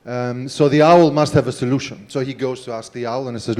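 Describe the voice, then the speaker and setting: Mayor on a panel, man, warm mellow tone, relaxed storytelling. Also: medium pitch, fairly quick, hardly any pauses. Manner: relaxed storytelling, many fillers. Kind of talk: panel speech with anecdote.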